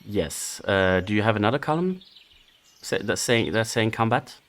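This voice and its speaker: A man narrating a tabletop game as game master, relaxed and halting with fillers. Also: fairly low pitch, slight background noise.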